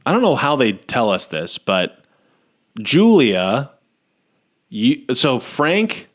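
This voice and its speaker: A man's voice: medium pitch, slow. A man co-hosting a comedy podcast, recapping a horror film with jokes and self-mocking asides. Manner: animated, jokey, self-mocking, sudden outbursts. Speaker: podcast co-host. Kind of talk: casual comedy podcast chat.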